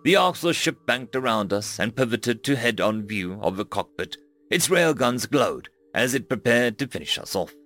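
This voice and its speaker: A man narrating a first-person science-fiction story with dramatic, expressive delivery. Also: mid-range voice, moderate pace, soft background music.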